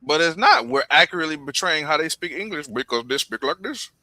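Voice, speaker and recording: A man's voice: a little high, lively intonation, fairly quick, bright, forceful tone, low-quality recording. A male podcast co-host arguing his point emphatically in casual chat. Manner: argumentative, emphatic.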